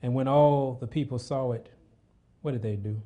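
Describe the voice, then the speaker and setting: A man's voice: mid-range voice, moderate pace, mellow. A man preaching a sermon, reading scripture aloud and calling out questions to his congregation.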